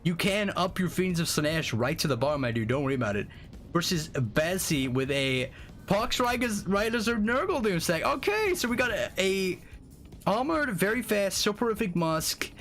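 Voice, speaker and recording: Casting note: male game streamer, rambling and profane, slightly high voice with wild pitch swings, faint background music. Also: sing-song, normal speed, a bit bright. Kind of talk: casual live-stream chat.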